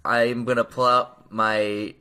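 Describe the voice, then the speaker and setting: A man's voice: medium pitch, little pitch movement, sharp tone, clean tone. Stammering young man in casual chat. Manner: halting, stammers and restarts often. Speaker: podcast co-host.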